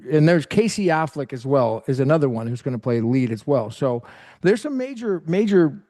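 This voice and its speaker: Eager host from California, slightly high voice. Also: male voice, big pitch swings, dark tone, no echo, studio quality. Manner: enthusiastic, halting restarts. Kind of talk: interview.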